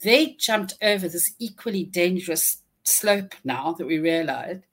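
A woman recounting a personal ordeal in an interview, halting and restarting often, audibly shaken but holding herself together. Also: lowish voice, expressive, breathy edge. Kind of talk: emotional first-person storytelling.

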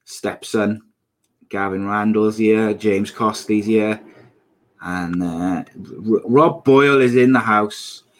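Man, podcast host, casual chat, reads out comments, quick intro. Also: fairly low pitch, fairly even intonation.

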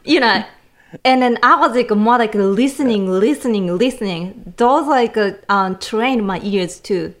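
A woman's voice: a little high, measured pace. Japanese-accented woman searching for words. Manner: searching for words, many fillers. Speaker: guest cellist. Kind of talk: casual podcast chat.

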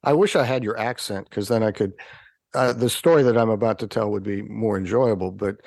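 Gravelly man telling wry stories. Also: fairly low pitch, fairly quick, no echo, studio quality. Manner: animated, wry storyteller. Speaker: podcast guest. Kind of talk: anecdotal storytelling in interview.

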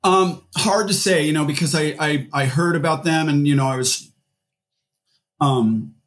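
A man's voice: on the high side, a little slow. A man, a musician guest, talking casually in an interview and rambling through his stories with lots of fillers and restarts. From Seattle area.

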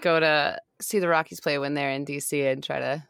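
A woman in her thirties co-hosting a podcast in excitable casual chat. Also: sits low, a little fast, creaky, clear, resonant tone, no room sound, studio quality. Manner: excitable, animated, swears casually. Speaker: podcast co-host.

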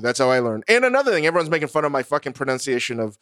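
Smooth-voiced man, blunt and profane. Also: fairly high pitch, sing-song, rapid-fire, few pauses, a bit bright, no echo, studio quality. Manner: blunt, profane, self-mocking. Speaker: podcast co-host. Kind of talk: casual chat.

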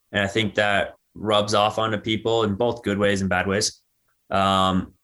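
Young man, interview guest, smooth voice, flat delivery, laid-back answers. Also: low-pitched. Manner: relaxed, many "um" and "you know".

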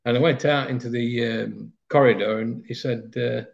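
With vocal fry, a medium pitch and fairly even intonation at normal speed, a man from Nottinghamshire reminisces about his football days. He wanders through anecdotes with frequent fillers in an interview captured in slightly dull lo-fi sound.

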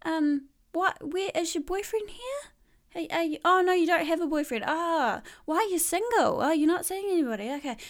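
A woman's voice: extremely high pitch, animated, moderate pace, pitched above the performer's own voice. A woman voicing a fussy, nosy old grandmother who pries with fretting questions. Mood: prying.

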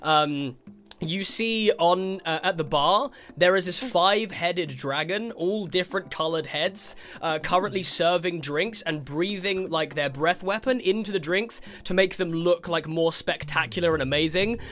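Brief: a male game master, higher-pitched, filler-heavy narration. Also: unhurried, a bit bright. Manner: rambling, lots of fillers.

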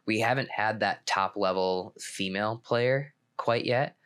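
Low-ish guy cohosting a pickleball podcast, loose rambly talk, restarts a lot. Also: unhurried, smooth. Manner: relaxed, rambling with frequent restarts. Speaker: podcast co-host, pro pickleball player. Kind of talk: casual podcast chat.

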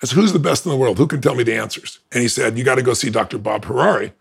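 A man who is a podcast guest, telling a personal story in an animated way. He laughs between lines and acts out what other people said. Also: mid-range voice, very fast, creaky, husky.

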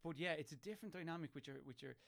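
Animated Irish man, slightly high voice. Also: rapid-fire, gravelly. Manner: animated, emotional storytelling with frequent laughs. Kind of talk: casual chat.

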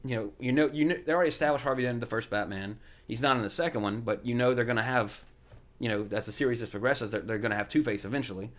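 A man in casual podcast chat who rambles enthusiastically, full of uhs and you-knows. His voice sits at an ordinary middle pitch. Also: rapid-fire, few pauses, a bit bright. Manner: rambling, lots of fillers, enthusiastic. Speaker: podcast host.

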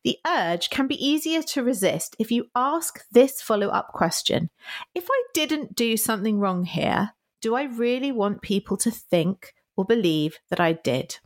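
A woman's voice: fairly high pitch, lively intonation, measured pace. A woman co-hosting a podcast in casual chat, laughing often and acting out apologetic quotes. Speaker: podcast co-host.

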